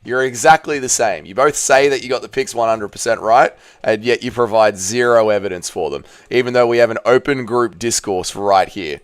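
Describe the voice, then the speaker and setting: A livestream host reads viewer comments out loud and reacts in a relaxed way, swearing freely through loose banter. His mid-range voice is clear and resonant, running a little fast with few pauses.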